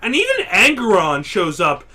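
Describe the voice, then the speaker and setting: A tipsy man on a casual comedy podcast, rambling excitedly and swearing as he explains monster films. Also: high-pitched, moderate pace. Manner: rambling, excitable, profane, acts out monster voices. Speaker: podcast guest explaining a film franchise.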